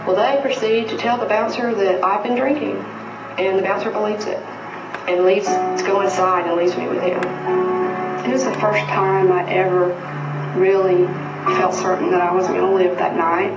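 A woman's voice: medium pitch, fairly even intonation, lo-fi sound. Earnest woman in a distant echoey clip. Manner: earnest, halting, many fillers. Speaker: abuse survivor giving testimony. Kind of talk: personal testimony. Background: loud music bed.

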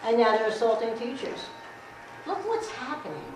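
A woman's voice: a little high, sing-song, moderate pace. A middle-aged woman giving a blunt, streetwise safety talk to a class, repeating herself as she demonstrates. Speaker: guest speaker on safety. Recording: echoey room recorded from far, noisy.

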